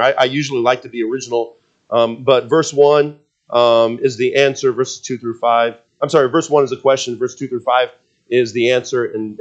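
A man's voice: medium pitch, lo-fi sound. A man preaching a sermon, emphatic and repetitive, often restarting his sentences with fillers. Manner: emphatic, repeats himself, frequent restarts and fillers.

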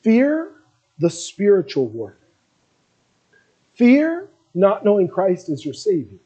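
A male preacher with a fairly high, husky voice delivers an earnest sermon. His tone is mellow rather than bright, and he builds steadily in intensity as he tells the story. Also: wildly swooping pitch, slow, rough recording. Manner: earnest, building in intensity, acts out scripture quotes.

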